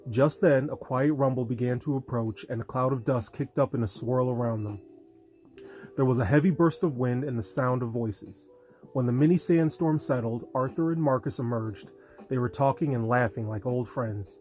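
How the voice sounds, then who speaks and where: A man reading a novel aloud in steady storytelling narration. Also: medium pitch, moderate pace, faint music behind. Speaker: audiobook narrator. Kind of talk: scripted narration.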